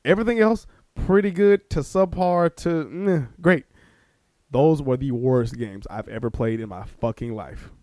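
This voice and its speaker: A man's voice: mid-range voice, unhurried, mellow, no echo, studio quality. A man co-hosting a casual gaming podcast, exasperated and swearing freely. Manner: exasperated, profane, frequent swearing. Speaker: podcast co-host. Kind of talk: casual podcast banter about games.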